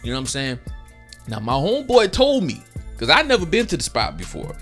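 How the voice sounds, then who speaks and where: A man's voice: a little high, wildly swooping pitch, fairly quick, fairly bright tone, soft background music. A young man telling a slangy story casually and acting out quotes. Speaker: gaming storyteller. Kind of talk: casual storytelling over gameplay.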